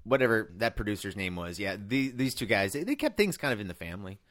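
A man's voice: lowish voice, very animated, fast talker, a bit bright. A man co-hosting a film podcast in casual chat, laughing often and swearing casually. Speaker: podcast co-host.

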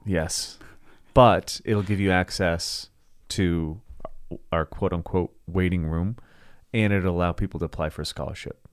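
A man co-hosting a podcast in casual chat, playful and quick to laugh. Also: sits low, steady tone, smooth, no room sound, clean studio sound. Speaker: podcast co-host.

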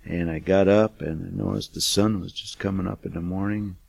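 A man's voice: sits low, steady tone, fairly quick, vocal fry, a little mellow, husky, no room sound. An older man, a missionary, telling a testimony in a folksy, rambling way with many fillers. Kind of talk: casual storytelling testimony.

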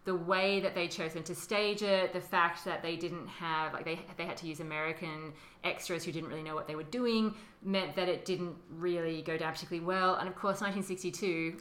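A woman's voice: on the low side, steady tone, fairly quick, hardly any pauses, a bit bright. A woman co-hosting a podcast, explaining history in a chatty way, with fillers and frequent laughter. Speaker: podcast co-host. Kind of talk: casual conversational history chat. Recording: roomy echo.

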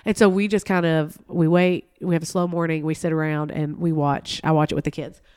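A woman in her thirties co-hosting a casual chat podcast, talkative and quick to laugh. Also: low voice, level tone, a little mellow, clean tone, dry recording. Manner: chatty, laughs easily, gets emotional. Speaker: podcast co-host.

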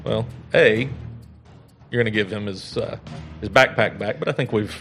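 A middle-aged man playing a tabletop game, describing his moves haltingly with fillers and chuckles. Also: fairly low pitch, fairly bright tone, soft background music. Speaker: player.

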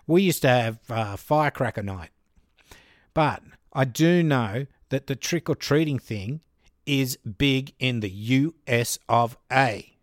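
An Australian man hosts a true crime podcast, telling the story in an easygoing, chatty way and dropping in joking asides. His voice sits at an ordinary middle pitch. The recording is dry and close, with no room sound. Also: no echo. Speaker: podcast host.

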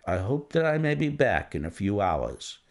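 A man reading aloud, playing a cool, self-assured gentleman detective with a measured, dry delivery. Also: fairly low pitch, very animated, creaky, pitched below the performer's own voice. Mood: composed. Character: cool, precise gentleman detective, adult male.

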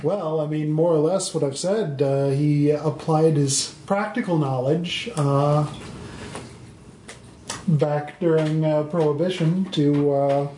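A man acting as game master, talking hesitantly with many pauses and fillers. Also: fairly high pitch, dark tone, echoey room, a little hiss or hum. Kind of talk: narrating a tabletop game.

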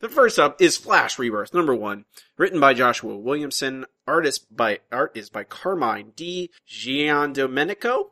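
A man with a bright, forward voice hosts a casual comics podcast. He talks in a chatty, teasing way and often trails off and restarts his sentences. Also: medium pitch, big pitch swings, normal speed. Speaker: podcast host.

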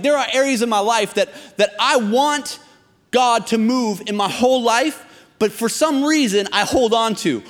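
A man with a high, bright voice preaches to his congregation with lively, self-deprecating storytelling. He acts out the quotes loudly and with energy. His voice rings with the long reverb of a large church hall. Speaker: pastor. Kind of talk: sermon with personal storytelling. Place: church sanctuary.

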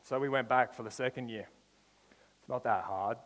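A young man giving a testimony in a sermon, telling a story and then slowing into drawn-out, emphatic declarations of faith. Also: medium pitch, a bit bright, in a large hall, rough recording. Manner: storytelling with slow emphatic build-ups. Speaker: preacher.

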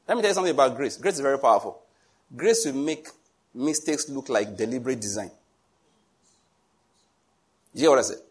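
Husky man preaching. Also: mid-range voice, brisk, long pauses. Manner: animated, joking, pleading asides. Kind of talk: sermon.

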